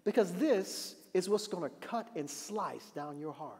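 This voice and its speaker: A man preaching a sermon as pastor, animated and building to emphatic repeated refrains. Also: high voice, a little slow. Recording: long reverb of a hall.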